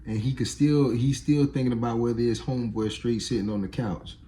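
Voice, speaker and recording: A man commenting on a clip in casual slang, loud and emphatic. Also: mid-range voice, fairly even intonation, a little fast, a little hiss or hum.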